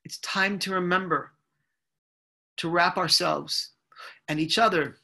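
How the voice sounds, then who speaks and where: A man from Brooklyn giving an inspirational speech over a video call, in deliberate, repetitive, rhythmic phrases. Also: high voice, creaky, sharp tone. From United States (Brooklyn, New York). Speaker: inspirational speaker.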